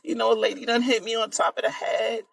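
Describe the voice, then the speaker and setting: A man voicing a simpering, overemotional man as a mocking take on himself, in a high, whiny voice. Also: fairly even intonation, fast, creaky, a bit bright, no echo, exaggerated voice.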